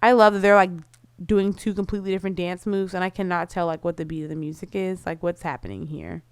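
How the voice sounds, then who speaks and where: Chatty woman with a smooth, dry voice. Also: lowish voice, flat delivery, fast talker, no room sound. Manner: chatty, bubbly, lots of "like" fillers. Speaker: gameplay commentator. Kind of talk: casual game commentary.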